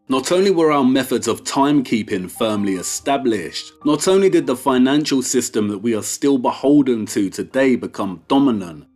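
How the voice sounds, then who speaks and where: A man giving slow, deliberate scripted documentary narration with strong emphasis, over soft background music. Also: mid-range voice. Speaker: video essay narrator. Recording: soft music bed behind.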